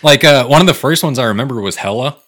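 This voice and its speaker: A man's voice: mid-range voice, expressive, quick pace, a bit bright. A man in his twenties co-hosting a casual podcast chat, laid-back and swearing as he tells stories. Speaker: podcast co-host.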